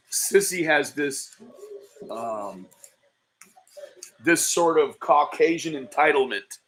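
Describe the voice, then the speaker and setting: Bright-voiced man heckling with profanity. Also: on the high side. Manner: heckling, insulting, mocking. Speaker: livestream commentator. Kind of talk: profane reaction commentary.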